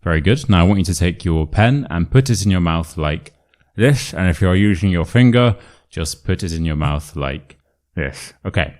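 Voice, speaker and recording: Low-voiced British RP male teacher. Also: animated, moderate pace, a little mellow. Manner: clear, upbeat, demonstrating sounds. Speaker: English pronunciation teacher. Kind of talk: instructional video lesson.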